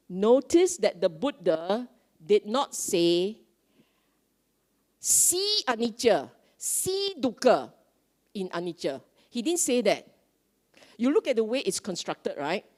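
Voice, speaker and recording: A woman's voice: medium pitch, slow pace, long pauses. A woman giving a conversational dharma talk at a Buddhist retreat, often asking her listeners questions. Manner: lively, conversational, asks the audience questions.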